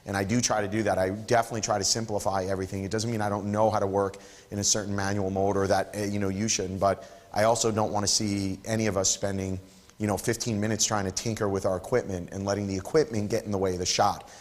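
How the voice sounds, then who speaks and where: A man's voice: lowish voice, flat delivery, quick pace, in a large hall. A man leading a photography workshop, encouraging and playful with an emphatic way of talking. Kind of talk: live workshop teaching.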